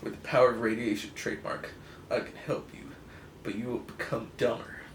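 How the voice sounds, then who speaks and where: A man voicing a calm male scientist in a quiet, mock-earnest way, in an echoey room. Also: medium pitch, a little fast, slight background noise, lightly acted. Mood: matter-of-fact.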